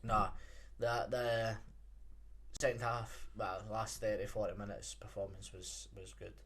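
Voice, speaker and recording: A man's voice: lowish voice, flat delivery, unhurried, fairly bright tone, slightly rough. A man, co-hosting a podcast in casual chat, blunt and laconic with casual swearing. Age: 20s. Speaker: podcast co-host.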